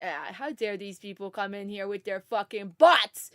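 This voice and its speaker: A woman streamer chatting casually on a live stream, greeting viewers and telling stories in an excitable, chatty way. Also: medium pitch, moderate pace, no echo, studio quality.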